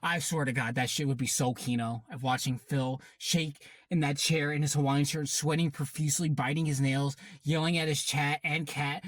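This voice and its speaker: Male host, sarcastic profane rant, slightly high voice, dry close sound. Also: steady tone, moderate pace, few pauses, dry recording. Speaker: commentary channel host. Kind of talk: ranting reaction commentary.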